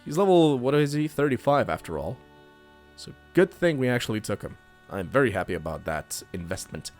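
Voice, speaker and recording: A man's voice: medium pitch, big pitch swings, brisk, a little mellow, faint music behind. A man giving casual let's play commentary, chatty and thinking aloud while he plays. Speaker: gaming youtuber.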